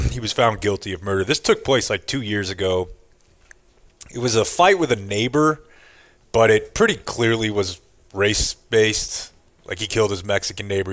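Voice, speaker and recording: A man's voice: lowish voice, a bit bright. A man hosting a radio show, chatting casually and rambling, laughing often and poking fun at himself. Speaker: radio host.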